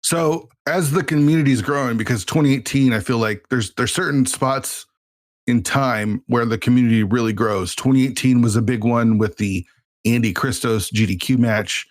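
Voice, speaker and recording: A man's voice: mid-range voice, normal speed, dry recording, studio quality. A man hosting a podcast interview, asking questions and offering encouraging affirmations in casual chat. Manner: encouraging, frequent backchannel affirmations. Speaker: podcast host.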